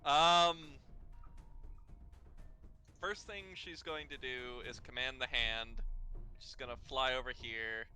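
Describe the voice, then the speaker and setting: Slow, hesitant man with a bright voice. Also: medium pitch, soft background music. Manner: hesitant, many fillers. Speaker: player. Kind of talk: casual game talk.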